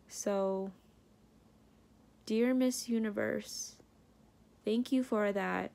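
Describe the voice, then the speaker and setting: Chatty young woman, slightly high voice. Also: slow, creaky, pauses often, mellow. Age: young adult. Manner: chatty and self-deprecating, with frequent laughs. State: isolating with coronavirus, no symptoms. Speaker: student vlogger. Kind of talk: casual daily video diary.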